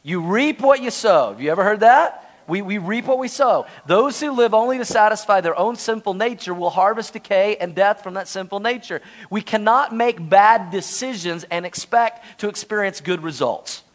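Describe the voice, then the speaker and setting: A man's voice: sits high, moderate pace, hardly any pauses. A man preaching a sermon as pastor, telling a funny personal story with lots of energy and joking asides.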